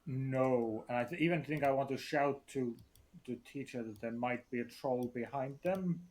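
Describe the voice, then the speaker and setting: A man's voice: medium pitch, normal speed, a little mellow, slight background noise. A man playing a tabletop role-playing game, describing his character's moves while thinking aloud with hesitations. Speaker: player.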